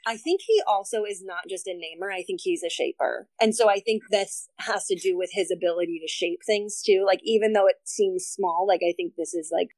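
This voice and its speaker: A woman's voice: medium pitch, a little fast, hardly any pauses, darkish tone, dry recording, low-quality recording. A woman co-hosting a casual book discussion, chatty and leaning heavily on "like" as a filler. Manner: chatty, heavy use of "like" as a filler.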